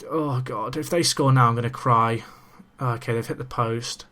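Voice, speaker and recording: At a moderate pace and mid-range pitch, a young man narrates a laid-back let's-play into a desk microphone. The gaming commentator is chatty and excitable, with self-deprecating remarks along the way.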